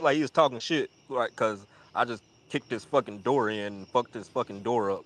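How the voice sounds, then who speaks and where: A man telling a rambling, profane story in casual chat, acting out the other people in a high voice and dropping to a mutter when he reflects. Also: a little fast, few pauses, a bit bright. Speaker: storyteller on a live audio chat.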